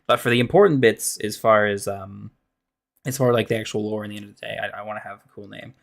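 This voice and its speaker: A man streaming as a dungeon master, thinking aloud while planning a game, halting and trailing off into mumbles. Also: fairly low pitch, creaky.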